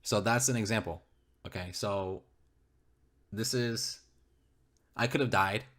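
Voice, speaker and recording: Telling a personal story to an interviewer, a man repeats himself, swears heavily and emphatically, and keeps checking in with "okay?". His voice is on the low side, slow-paced and fairly bright in tone.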